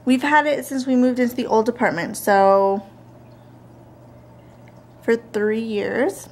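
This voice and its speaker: At a slow pace and with fairly even intonation, a twenty-something woman with a fairly high voice chats in her daily vlog, giggling and teasing. She's filming indoors, at home and in her car.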